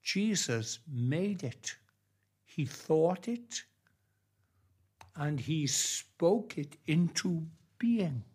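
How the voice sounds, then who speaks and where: Guy preaching slow, kinda high voice, gets loud then goes quiet on the big lines. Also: sing-song, breathy edge. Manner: emphatic, swings between soft and loud. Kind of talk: sermon.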